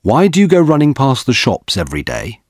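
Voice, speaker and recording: A man's voice: medium pitch, huge pitch swings, a little fast, dry recording, clean studio sound, pitched above the performer's own voice. A man voicing a female police officer in a read-aloud story, lifting his voice for her.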